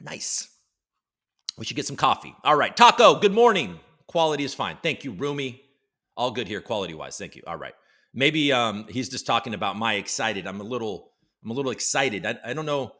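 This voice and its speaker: A man's voice: mid-range voice, sing-song, a little fast, sharp tone. A man hosting a casual live stream, joking around and greeting viewers in the chat by name. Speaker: livestream show host.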